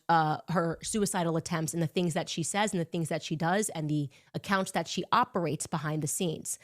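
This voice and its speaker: A woman with a notably low voice speaks in a combative, accusatory way, laying out a pointed statement. The sound is close and dry, with no room around it. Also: no echo. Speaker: commentator. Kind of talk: recorded statement.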